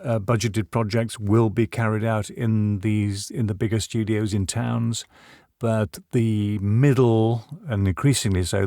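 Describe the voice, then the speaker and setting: Older man, from Northern Ireland, low voice, dry close mic, measured and articulate. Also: creaky, darkish tone, no room sound. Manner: articulate, measured, with occasional restarts. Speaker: voiceover artist, guest. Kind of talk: reflective interview conversation.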